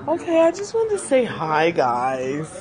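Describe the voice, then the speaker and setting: Woman livestream host, slow and chatty, bubbly, crowd noise behind. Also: on the low side. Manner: chatty, animated, laughs often, calls viewers girl. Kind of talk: casual livestream chat with viewers.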